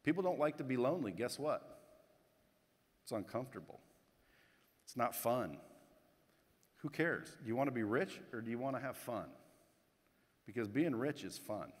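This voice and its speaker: A man's voice: mid-range voice, expressive, moderate pace, long pauses, slightly rough. Blunt man speaking in a reverberant hall. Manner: blunt, casual, swears, addresses the crowd directly. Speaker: keynote speaker. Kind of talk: motivational keynote speech. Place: conference hall stage.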